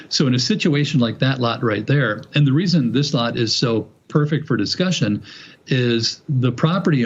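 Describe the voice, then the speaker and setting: A man walks a city plan commission through a zoning presentation. He speaks in a measured, methodical way at an ordinary pitch, with the odd restart. The recording is muffled and lo-fi, as from a public meeting.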